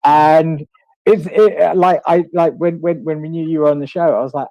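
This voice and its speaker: A man hosting a casual online interview with a fairly high voice. He talks eagerly and trips over his words, restarting often. The sound is dry and close, with no room around it. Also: steady tone, dark tone, dry recording, low-quality recording. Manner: halting, full of restarts and laughs. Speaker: co-host and interviewer.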